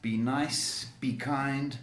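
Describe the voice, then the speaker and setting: A man with a mid-range voice and fairly even intonation speaks very slowly as a psychic host answering viewers on a live stream. He's chatty and reassuring, often saying "okay" and "folks," with slight background noise and an echoey room.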